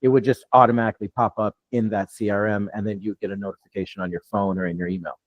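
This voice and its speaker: A man's voice: fairly low pitch, flat delivery, fast, dull audio. A man from New York coaching a live online training, talking loosely with many restarts over a video call. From New York, USA. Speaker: real estate deal coach.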